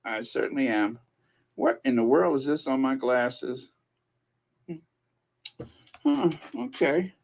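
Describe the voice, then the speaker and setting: A man's voice: mid-range voice, big pitch swings, takes it slowly, gravelly, long pauses. A man hosting a royal news channel, reading viewer comments in a rambling, self-amused casual chat.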